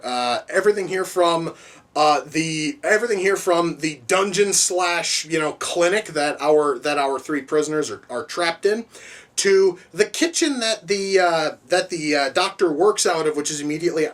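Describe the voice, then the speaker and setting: A woman reviewing a film in a casual, profane, rambling way, full of restarts and fillers. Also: low voice. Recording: voice distant from the mic.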